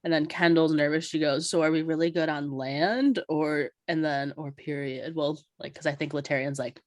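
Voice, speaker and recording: Young woman chatting about a reality show, swears a lot, lowish voice, dry close mic. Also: steady tone, normal speed, hardly any pauses, a little mellow, no room sound. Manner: swears freely, laughs often. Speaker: podcast co-host. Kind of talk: casual recap chat.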